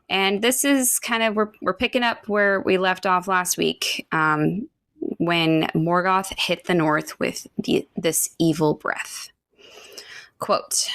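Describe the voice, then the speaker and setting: A woman co-hosting a podcast talks through a book in a chatty way, full of fillers and little laughs, and now and then reads a passage aloud. She speaks slowly, and her voice has a gravelly edge. The recording is dry and close. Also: mid-range voice, fairly bright tone, no room sound. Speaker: podcast co-host. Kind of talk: casual book discussion, reading quotes aloud.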